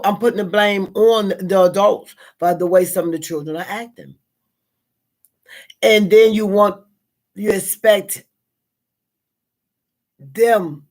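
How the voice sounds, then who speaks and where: A woman with a Southern American accent talks loosely to her live viewers. She rambles, starts over, and fills gaps with ums and you-knows. Her voice sits at a middle pitch. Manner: rambling, repeats herself, frequent fillers. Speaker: live stream host. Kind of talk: casual spoken reflection.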